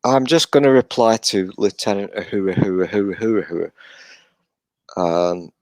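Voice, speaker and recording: A man's voice: lowish voice, a little fast, a little mellow, no echo. A British man hosting a casual live-stream chat, joking in a self-deprecating way. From Britain. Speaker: podcast host.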